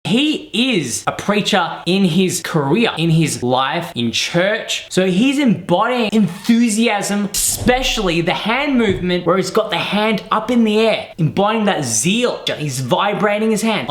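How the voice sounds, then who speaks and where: A man's voice: high-pitched, lively intonation, a little slow, hardly any pauses. A man working as a speaker coach, giving an upbeat analysis of a famous speech. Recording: roomy echo.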